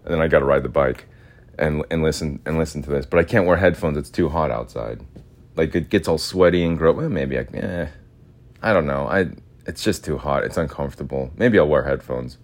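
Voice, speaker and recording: Man, very low voice, casual podcast monologue, slangy, meandering. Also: fairly quick. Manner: slangy and meandering, full of "like" and "dude". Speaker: podcast host.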